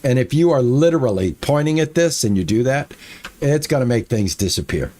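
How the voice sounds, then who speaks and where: A man with a warm, mid-range voice streams a building game, talking a little fast with lively intonation to viewers and himself. When things go wrong, he mutters and repeats lines in this casual let's-play commentary.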